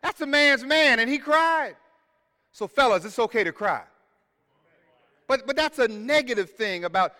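High-voiced pastor preaching in a reverberant hall. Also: male voice, lively intonation, normal speed, pauses often. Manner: earnest, repeats phrases, acts out quoted voices loudly. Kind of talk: sermon.

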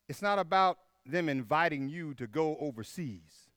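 A man with a high, ringing, clear voice delivers a sermon, hammering home his points by repeating them and letting the last words sink low and quiet. The sound is dry and close, with no room around it. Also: animated, normal speed, no room sound. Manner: emphatic, repeats key phrases, drops to a hush on final words. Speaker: preacher.

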